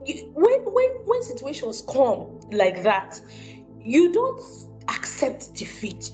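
Brief: woman preacher, higher voice, lively sermon delivery, soft music bed. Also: low-quality recording. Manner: animated storytelling preacher, repeats words, voices prayers and quotes.

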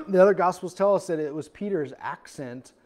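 Man, pastor, church sermon, chatty, acts out voices, slightly high voice. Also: moderate pace, a little mellow. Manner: conversational, acts out quotes with voices. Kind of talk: expository sermon.

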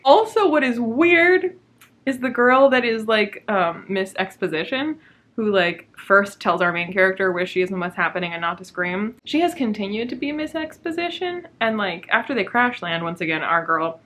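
At home, a book vlogger talks casually into her camera mic about the book she's reading, sarcastic, swearing freely and laughing a lot. Her voice is mid-range and fairly bright, expressive, at a normal speed.

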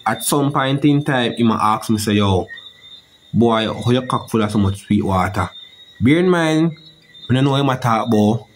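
A young Jamaican man recounting a painful personal story in a halting, rambling way, constantly asking "you see me". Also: medium pitch, a little hiss or hum. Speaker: interviewee telling his story. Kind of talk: emotional personal account.

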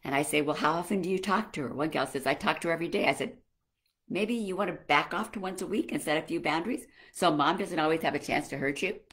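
Older female coach, low husky voice, gentle motherly devotional teaching. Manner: gentle, motherly, slows to a soft calm voice. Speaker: Christian life coach for women. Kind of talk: devotional teaching on a live stream.

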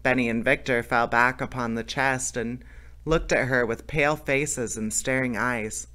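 A man's voice: mid-range voice, fairly even intonation, measured pace, bright, forceful tone. A man reading a fairy tale aloud as a storyteller, with plain storybook narration and small slips.

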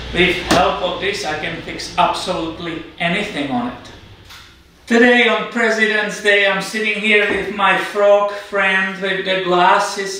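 A fairly high-voiced man talks unhurriedly through a casual car repair vlog. He sounds chatty and excited, and keeps checking in with his viewers. The sound is very echoey and picked up from a distance, with faint noise behind him. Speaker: car repair channel host.

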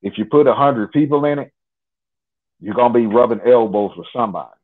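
A man from Nebraska, a guest in an interview, telling a personal story in an unhurried, detailed, conversational way. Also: mid-range voice. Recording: tinny phone line.

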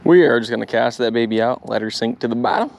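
A man of about twenty, a fishing vlogger, chatting casually outdoors by a pond in a joking, rambling way that turns excitable. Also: medium pitch, fast, creaky, a little hiss or hum. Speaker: bass fishing YouTuber. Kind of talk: casual vlog chat.

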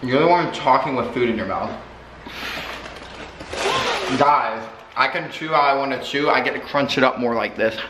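A man's voice: mid-range voice, normal speed, pauses often, background noise. A young man in a casual couple vlog, teasing and joking with his girlfriend. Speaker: vlogger's boyfriend.

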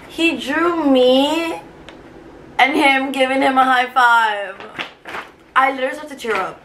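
A woman's voice: sits high, unhurried, pauses often, a bit bright. A woman in her twenties, a teacher, chatting casually to the camera in a rambling, emotional way with many fillers. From Cuba. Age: 20s. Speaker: vlogger, teacher. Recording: faint background noise.

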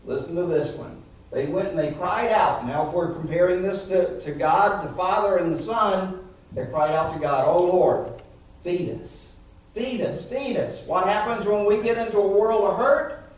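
A male pastor preaching an animated sermon to a congregation, asking "amen?" as he goes. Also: sits high, moderate pace. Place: church sanctuary. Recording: echoey church hall, mic from far off.

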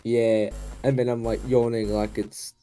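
Loud goofy guy messing around while his mate plays a scary game. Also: medium pitch, level tone, measured pace, soft background music. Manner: loud, goofy, laughs a lot. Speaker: friend co-playing a game. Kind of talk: casual gaming commentary.

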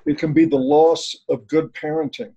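A man, a therapist, in a casual podcast discussion, measured and chiming in with wry asides. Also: on the high side, level tone, warm tone, husky, highs cut off.

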